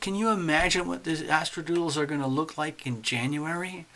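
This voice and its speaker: A man's voice: a little high, normal speed, sharp tone, a little hiss or hum. A man hosting a casual astrology livestream, chatting animatedly to viewers while drawing charts.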